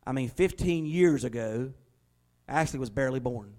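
A male pastor, preaching a sermon in a folksy, conversational way and leaning on slowed, emphatic stresses. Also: medium pitch, animated, a little mellow. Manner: emphatic, with slowed dramatic stresses and acted-out prayers.

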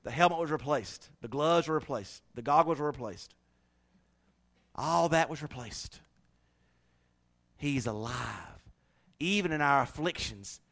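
A middle-aged male pastor preaching a sermon, swinging between shouted refrains and hushed, low passages. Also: expressive, unhurried, long pauses.

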